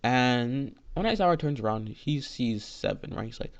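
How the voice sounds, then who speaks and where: Speaking in a quick, sing-song medium voice with hardly any pauses, a man makes up a fan story on the spot. He rambles, leaning heavily on "you know" and "like," captured in a dull lo-fi recording.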